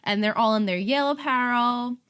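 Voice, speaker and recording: A woman's voice: on the high side, a little fast, clean tone. Chatty woman podcast co-host. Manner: chatty, animated storytelling with frequent fillers. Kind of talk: casual chat recapping a TV episode.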